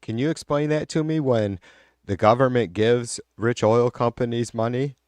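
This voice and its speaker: A man's voice: medium pitch, normal speed, a little mellow, no room sound. A man hosting a live stream, reading viewer comments and ranting bluntly about politics with a lot of swearing. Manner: blunt, heated, swears often. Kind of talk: casual profane political rant.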